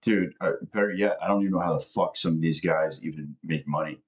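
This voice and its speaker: Very deep-voiced man, blunt and casual. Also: brisk. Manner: blunt, dismissive, profane. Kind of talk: casual chat on a live stream.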